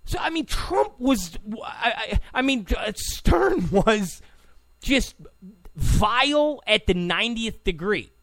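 A man's voice: very high voice, sing-song, takes it slowly, fairly bright tone, dry recording. A man hosting a political talk show, delivering an opinionated, sarcastic monologue full of stammering restarts.

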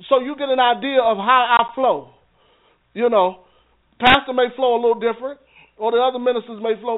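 A man leading a church teaching session in a conversational way, often checking in with his listeners and repeating words as he goes. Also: very high voice. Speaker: minister teaching a Bible class. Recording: phone-like narrow sound.

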